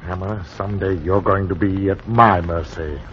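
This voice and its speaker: A pompous hammy actor, bright sharp voice, old dull radio. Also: male voice, deep voice, steady tone, normal speed, slight background noise. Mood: vengeful. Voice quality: theatrical, grandiose. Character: pompous, wounded male stage actor. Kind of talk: 1940s radio acting.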